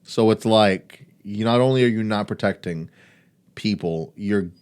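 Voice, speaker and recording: A man's voice: lowish voice, unhurried, darkish tone, smooth. A man co-hosting a podcast, talking casually and building his points with rhetorical questions. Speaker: podcast co-host.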